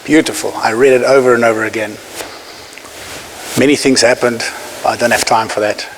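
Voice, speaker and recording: A South African man in his forties giving an inspirational keynote speech, telling a story emphatically with pauses for effect. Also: mid-range voice, fairly even intonation. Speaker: keynote speaker. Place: large conference hall. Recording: hissy hall recording, echoing.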